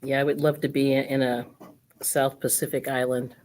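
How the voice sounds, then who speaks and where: A woman's voice: rumbling low, flat delivery, moderate pace, a little mellow. A woman hosting a casual crafting livestream, chatty and laughing often as she tells stories. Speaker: livestream host. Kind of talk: casual group chat while crafting.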